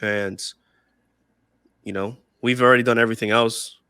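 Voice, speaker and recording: A man's voice: mid-range voice, fairly even intonation, normal speed, pushed and bright, smooth, no room sound, clean studio sound. A young man casually telling a story on a podcast, laughing often, swearing freely and repeating himself. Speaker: podcast co-host.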